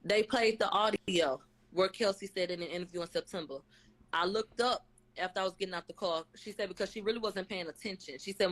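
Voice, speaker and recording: A woman with a mid-range voice and a brisk pace gives a casual, profane live recap of a court case as a vlogger. Blunt and slangy, she rattles off what people said, acting out their testimony in different voices.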